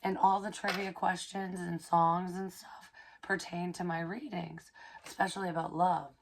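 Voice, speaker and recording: A woman psychic medium casually telling a personal story, excitable and profane, dropping into hushed asides. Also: fairly low pitch, normal speed, noisy background.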